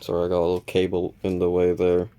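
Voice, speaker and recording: A man hosting a casual unboxing video, calmly counting cards and reading their names aloud with small self-corrections. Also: low voice, fast talker, clean tone. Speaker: channel host opening card packs.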